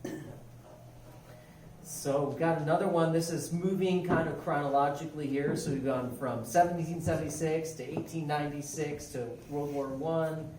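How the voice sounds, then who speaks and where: Relaxed chaplain in an echoey room. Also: male voice, fairly high pitch. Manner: relaxed, measured, introduces slides. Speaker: military chaplain introducing speakers. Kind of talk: informal talk to a museum audience. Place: museum room. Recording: echoey room, distant mic, clear noise.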